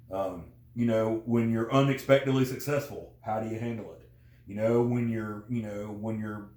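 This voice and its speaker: A man's voice: mid-range voice, darkish tone. Guy talking casually, lots of ums and restarts, roomy echo. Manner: rambling, many fillers and restarts. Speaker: guest. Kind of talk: casual conversation.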